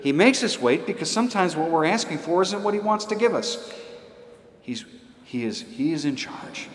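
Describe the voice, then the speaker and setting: A man's voice: fairly high pitch, lively intonation, normal speed. A man, a priest, preaching a sermon in an emphatic way, repeating short exhortations. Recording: echoey hall reverb.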